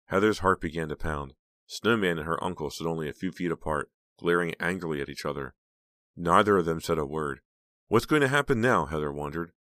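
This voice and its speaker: Male audiobook narrator, very deep, dry close-miked sound. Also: no room sound. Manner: steady, measured reading.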